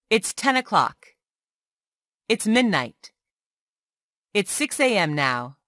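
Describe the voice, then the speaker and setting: Slow, lively-voiced woman reading phrases. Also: on the low side, dry recording, clean studio sound. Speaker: English tutor. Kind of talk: reading practice phrases aloud.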